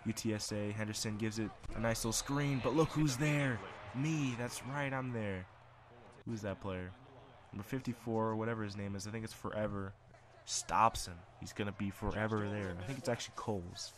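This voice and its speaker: A man's voice: fairly low pitch, a little fast, background noise. A man commentating his own football video game, calling plays like a sportscaster. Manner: excitable, calls plays like a sportscaster. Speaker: gamer commentating his play. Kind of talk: casual play-by-play commentary.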